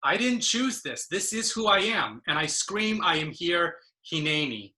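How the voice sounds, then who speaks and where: A woman's voice: fairly low pitch, big pitch swings, a little slow, bright, forceful tone. A woman poet on a video call, giving an impassioned, emphatic spoken-word reading of her own poetry. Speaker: poet and presenter.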